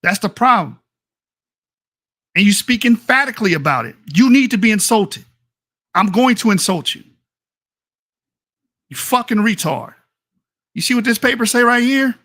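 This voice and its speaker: A man's voice: very high voice, expressive, normal speed, pauses often, bright, forceful tone, no room sound, clean studio sound. A man in a heated online debate, aggressive and profane, hurling insults and reading aloud from research papers.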